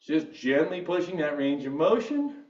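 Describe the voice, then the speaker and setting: A man's voice: a little high, very animated, normal speed, a little mellow. A male fitness instructor cueing a live workout class, upbeat and encouraging as he counts down reps. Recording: roomy echo, distant mic, dull sound.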